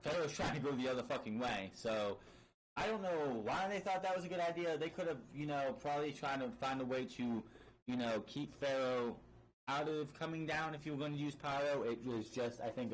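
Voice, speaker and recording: A man's voice: mid-range voice, moderate pace, low-quality recording. A man casually recapping a wrestling match play-by-play, rambling with fillers and frequent swearing. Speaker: wrestling show reviewer.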